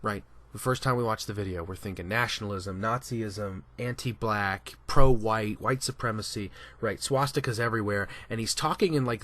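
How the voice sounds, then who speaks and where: A man talking through a casual opinion commentary, animated and emphatic, often restarting his sentences. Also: medium pitch, moderate pace. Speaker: commentary vlogger.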